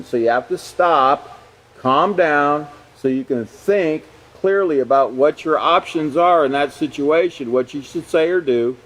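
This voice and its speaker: Speaking at a medium pitch, this man lectures conversationally on character education, frequently saying "you know" and "okay" to check in and chuckling as he goes.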